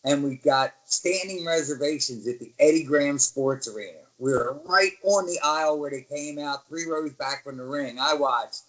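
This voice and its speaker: A middle-aged man from the United States talks in a lively, storytelling way, often slipping into the voices of the people he describes. His voice sits a little higher than most men's. He speaks as a guest recalling his wrestling career in a relaxed interview. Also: moderate pace, hardly any pauses, low-quality recording. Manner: animated storyteller, acts out quoted voices. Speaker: guest, former pro wrestler.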